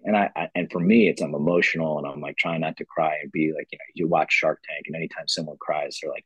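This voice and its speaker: Very deep, husky-voiced man telling his story. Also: fairly quick, fairly bright tone, no echo, low-quality recording. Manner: rambling, heavy use of "you know" fillers; earnest and reflective. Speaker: company founder, podcast guest. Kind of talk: casual interview storytelling.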